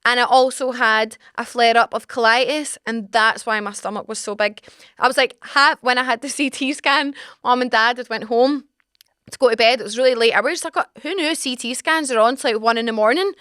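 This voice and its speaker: Young scottish woman, high voice, dry close sound, animated dramatic storytelling, podcast host. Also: a little fast, smooth, no echo. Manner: animated, dramatic retelling with acted-out exclamations. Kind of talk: casual storytelling chat. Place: small home podcast studio.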